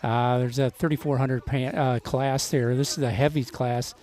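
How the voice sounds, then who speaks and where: A man announcing a live local event on a microphone, halting often with filler pauses as he reads names off a list. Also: medium pitch, steady tone, a little mellow. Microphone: handheld microphone.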